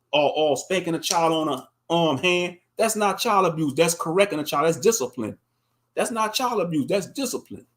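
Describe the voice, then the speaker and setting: A man's voice: fairly high pitch, fairly bright tone. A man hosting a late-night commentary stream, talking bluntly and profanely with lots of emphasis. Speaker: live stream host.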